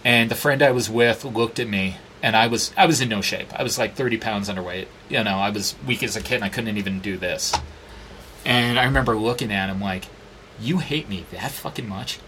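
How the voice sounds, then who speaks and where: Guest, male, 40s: low-pitched, bright, forceful, foul-mouthed, animated raconteur. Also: brisk, slight background noise. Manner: profane, animated, acts out quoted dialogue. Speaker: interview guest. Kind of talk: candid storytelling conversation.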